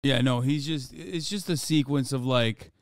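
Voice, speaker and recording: A man's voice: medium pitch, moderate pace, gravelly, dry recording, studio quality. A man hosting a stream, reacting to a podcast in casual, profane, exasperated chat.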